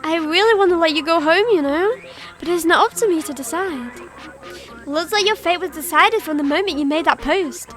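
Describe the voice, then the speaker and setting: A woman's voice: very high voice, animated, moderate pace, a bit bright, soft background music. A woman voicing a cheerful, sadistic girl who hosts a show, speaking in a sweet, mocking sing-song while reading game dialogue. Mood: gleeful.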